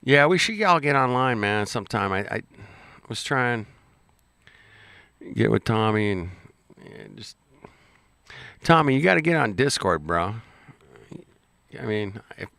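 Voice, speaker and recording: A man's voice: on the low side, sing-song, unhurried, creaky, pauses often, sharp tone, no echo. A man rambling casually and swearing freely as he reacts to clips and chats to his viewers. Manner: rambling, swearing, laid-back. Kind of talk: casual profane chat.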